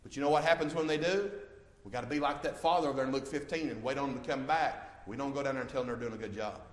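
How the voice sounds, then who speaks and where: A man preaching a sermon as pastor, impassioned and swinging from quiet stretches to loud ones. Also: medium pitch, rapid-fire. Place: church sanctuary. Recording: echoey church hall.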